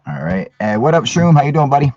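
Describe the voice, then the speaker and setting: A man's voice: mid-range voice, sing-song, fast, a little mellow, no echo, highs cut off. Crude, profane man hosting a livestream. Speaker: channel host. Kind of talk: casual livestream chat. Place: at work.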